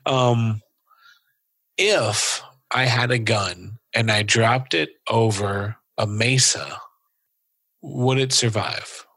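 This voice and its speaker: A man's voice: mid-range voice, extremely slow, a bit bright, husky. A man hosting a podcast, telling stories in casual chat, swearing and laughing often. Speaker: podcast host.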